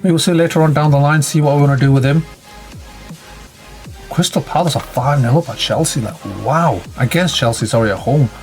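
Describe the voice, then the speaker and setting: A man's voice: on the high side, a little fast, long pauses, darkish tone, soft background music. A man giving casual, chatty commentary on a football management game, reacting to each play and calling out his players.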